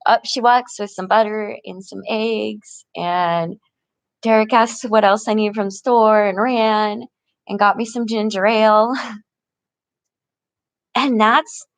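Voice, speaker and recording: A woman rambles through a casual personal vlog, breaking into laughter now and then. Her voice sits at an ordinary middle pitch. The recording is close and dry, with no room around it. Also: steady tone, slow, vocal fry, long pauses, no room sound. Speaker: vlogger. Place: tent in an encampment.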